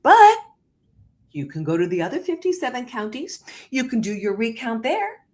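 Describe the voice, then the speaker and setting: A woman hosting a political livestream, telling a story quickly and with energy and acting out what people said. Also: on the high side. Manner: animated, fast storytelling with quoted exchanges. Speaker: livestream host.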